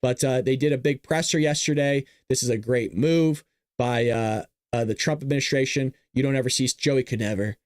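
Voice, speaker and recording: A man hosting a political commentary show, casually rambling with crude, excitable remarks. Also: mid-range voice, normal speed, dry recording, clean studio sound. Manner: excitable, crude, rambling, with self-amused laughs.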